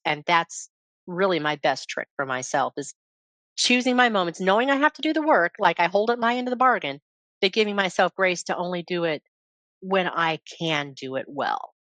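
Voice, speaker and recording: A woman's voice: fairly low pitch, fairly bright tone, no echo. A woman speaking as a podcast guest, telling her story openly and reflectively. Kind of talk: candid personal interview talk.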